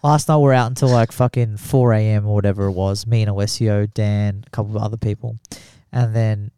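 A man's voice: lowish voice, fairly even intonation, a little fast, warm tone, clear, resonant tone. A young man telling crude stories in a casual chat, swearing freely and laughing often. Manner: crude, swearing storyteller who laughs a lot.

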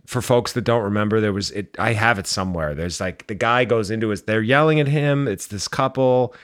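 A man co-hosting a podcast in casual chat, with a deadpan, darkly humorous manner. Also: lowish voice, brisk. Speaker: podcast co-host.

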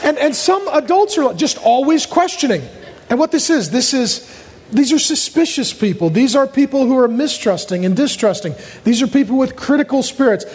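A man's voice: very high-pitched, moderate pace. A man preaching a sermon as pastor, joking with the congregation and acting out quoted voices. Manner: animated, acts out quoted voices, jokes with the congregation. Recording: echoey hall reverb.

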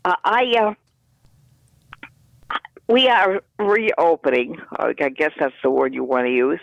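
A hoarse man talks in a rambling, hesitant way, full of restarts. His voice is high for a man and comes through a dull, muffled phone line. The sound is dry, with no room echo. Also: slow pace, a bit bright. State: hoarse morning voice.

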